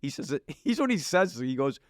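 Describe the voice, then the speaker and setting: A man's voice: fairly high pitch, brisk, no room sound. A middle-aged pastor from Wisconsin tells his story with a voice that swings up and down. He laughs easily and acts out the people in it. The sound is dry and close. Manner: animated, laughs often, acts out dialogue. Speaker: guest pastor. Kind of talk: storytelling testimony.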